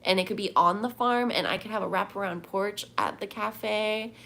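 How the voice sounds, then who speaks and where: A woman's voice: mid-range voice, moderate pace, creaky, a bit bright. Chatty woman rambling on a livestream. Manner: chatty, rambling, reads chat aloud. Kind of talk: casual livestream chat.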